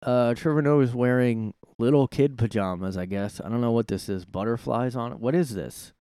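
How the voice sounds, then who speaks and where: A man's voice: mid-range voice, moderate pace, dark tone, clear, resonant tone, no room sound, clean studio sound. A man hosting his own show from his room, ranting casually in a rambling, sarcastic way with plenty of swearing. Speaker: podcast host. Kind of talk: casual solo commentary rant.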